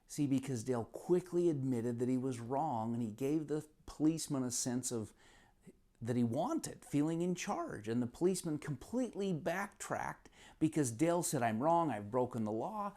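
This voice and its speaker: A man's voice: mid-range voice, animated, moderate pace, mellow. A man teaching from a self-help book, retelling an anecdote in an earnest, casual way with many repetitions. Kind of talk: casual storytelling lesson.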